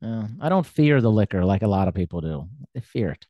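A man's voice: fairly low pitch, big pitch swings, a little fast, no room sound, lo-fi sound. Casting: male host, casual and rambling, jokes at his own expense, dry and close on the mic. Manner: rambling, self-deprecating, laughs often. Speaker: interviewer. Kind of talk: casual conversational interview.

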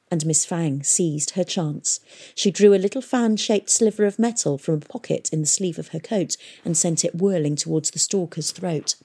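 A woman narrating an adventure audiobook in a measured, expressive storytelling manner. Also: lowish voice, slightly rough.

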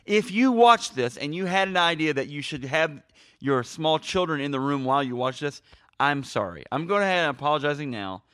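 A man's voice: on the high side, animated, fairly quick, a bit bright, clean tone. A man hosting a podcast, leading a casual chat with mock-serious asides. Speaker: podcast host.

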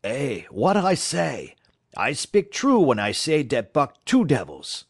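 A rough, excitable sled-dog driver bursts out in loud, broken English, as a male narrator puts him on. His voice leaps well above a plain speaking voice. The recording is dry and close. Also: mid-range voice, takes it slowly, no echo, voice pushed up, full character voice. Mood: boastful.

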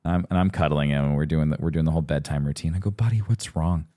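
A man's voice: rumbling low, racing. A man in his thirties co-hosting a casual podcast, telling stories and acting out what people said. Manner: animated storyteller who acts out quotes. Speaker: podcast co-host.

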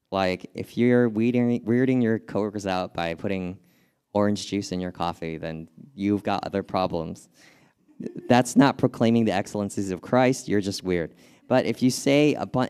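Young california guy pastor, low smooth voice, chatty sermon w/ stories, laughs a bit. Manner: conversational preaching with storytelling; animated, laughs at his own stories.

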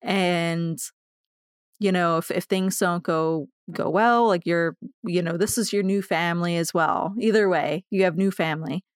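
Podcast guest, woman, candid storyteller, lively with laughs, dry close sound. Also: on the low side, a little slow, clean tone, no room sound. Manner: animated, laughs while telling stories.

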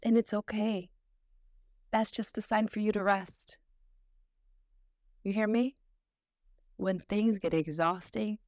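A woman's voice: medium pitch, a little slow, long pauses, darkish tone, no room sound. Encouraging sisterly woman podcaster, dry sound. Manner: sisterly, encouraging, slangy and emphatic. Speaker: podcast host. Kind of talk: motivational podcast monologue.

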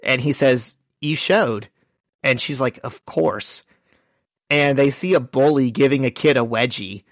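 Man, podcast co-host, casual story recap, quotes characters, mid pitch, dry close sound. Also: moderate pace, hardly any pauses, no room sound. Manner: lively storyteller, quoting characters. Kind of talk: casual chat, retelling a comic issue.

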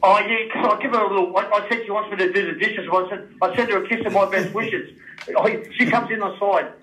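Male podcast co-host, high voice, rapid casual chatter. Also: fairly even intonation, pushed and bright, roomy sound, poor audio. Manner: chatty, repeats himself, laughs often. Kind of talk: casual chat.

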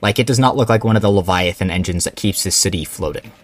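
A young man narrating as game master of a tabletop role-playing game, describing scenes in an animated way. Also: deep voice, fast.

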